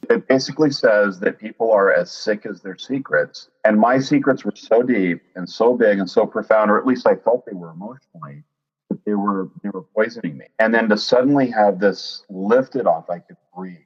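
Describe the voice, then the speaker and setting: A man in his fifties telling his own story in an interview, earnest and lively, often quoting what others said. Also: lowish voice, normal speed, breathy edge, muffled recording. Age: 50s. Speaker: interview guest. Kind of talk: candid personal storytelling.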